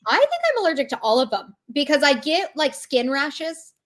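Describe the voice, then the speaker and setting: A woman's voice: sits high, animated, normal speed, fairly bright tone. A woman co-hosting a casual podcast chat, talking in a chatty way with many fillers. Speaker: podcast co-host.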